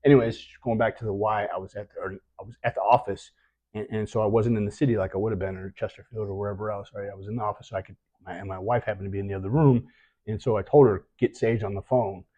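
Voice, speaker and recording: Low man, halting retelling, many restarts, dry dull recording. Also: fairly even intonation, dark tone, no echo. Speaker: guest sharing a scam story. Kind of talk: emotional retelling.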